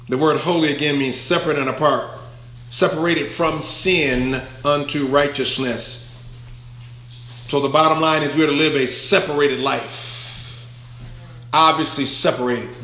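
Emphatic preacher with a bright, roomy voice. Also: male voice, mid-range voice. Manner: emphatic, stretches key words, asks the congregation questions. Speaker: pastor. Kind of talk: sermon, verse-by-verse Bible teaching.

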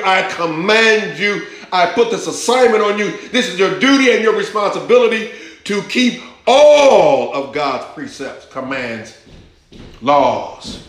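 Man, preacher, emphatic sermon, slightly high voice, very roomy echo. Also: fairly bright tone. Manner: emphatic, swings from high urgent questions to low intense asides.

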